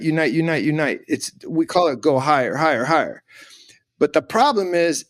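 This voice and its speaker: A man's voice: fairly high pitch, dry recording, studio quality. Emphatic middle-aged man telling a story. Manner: emphatic, repeats words for emphasis, emotional at times. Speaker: podcast guest. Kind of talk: animated storytelling in conversation.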